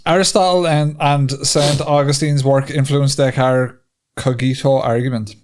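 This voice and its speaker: An Irish man co-hosting a podcast with a middle-pitched voice. He teases his partner dryly and swears offhandedly, and now and then he reads notes aloud in a steadier cadence. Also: steady tone, moderate pace, darkish tone, a little hiss or hum. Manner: dry teasing, swears casually. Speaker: podcast co-host. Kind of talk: casual banter and reading notes.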